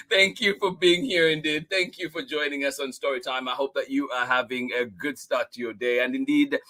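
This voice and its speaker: Male storytime host, bright and effusive, reads picture books aloud. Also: medium pitch, normal speed, faint music behind. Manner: effusive, thanks viewers often, laughs easily. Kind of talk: upbeat chat with viewers and read-aloud.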